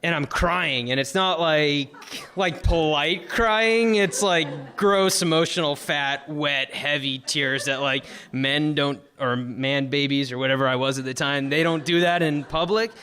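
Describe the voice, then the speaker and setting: Man, young adult, from Florida, live storytelling, emotional, filler-heavy, high-pitched, bright. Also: measured pace, clear, resonant tone. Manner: emotional, animated, filler-heavy with many likes. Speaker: storyteller on stage. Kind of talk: live personal storytelling talk.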